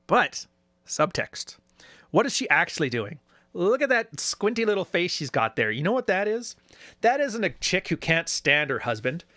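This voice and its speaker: A man delivers loose, sarcastic commentary in a bright, forward voice that is set a bit high for a man. His pitch swings widely as he riffs. The sound is dry and close, with no room around it. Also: normal speed, no room sound. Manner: animated, sarcastic, does mocking quoted voices. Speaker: YouTube commentator. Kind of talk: casual reaction commentary.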